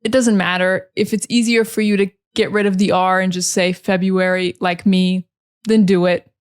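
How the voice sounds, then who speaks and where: A woman from Maine with an American accent, teaching English pronunciation and repeating words slowly and carefully, syllable by syllable. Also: fairly low pitch, level tone, clean tone. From Maine, USA. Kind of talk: pronunciation lesson.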